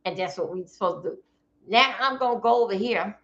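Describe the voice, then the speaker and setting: A woman's voice: mid-range voice, a little fast, fairly bright tone, highs cut off. A woman from Florida, giving blunt casual commentary to her live-stream chat from home.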